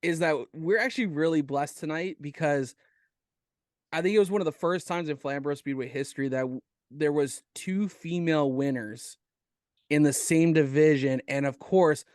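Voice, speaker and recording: A man hosts a casual racing podcast in an upbeat tone, guiding the conversation along. His voice sits slightly high, recorded dry and close with no room sound. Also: normal speed, a little mellow, dry recording. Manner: upbeat, steers questions. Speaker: podcast host.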